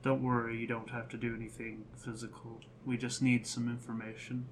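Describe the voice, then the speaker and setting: A man's voice: medium pitch, monotone, fairly quick, slight background noise. A man playing a tabletop game, switching casually between joking and speaking in character. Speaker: player.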